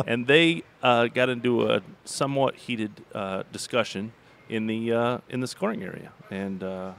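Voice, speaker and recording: A man in his forties, a former caddie, telling a lively golf story on a podcast and laughing along. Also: medium pitch, normal speed, vocal fry, clean tone. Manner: animated storyteller, laughing as he tells.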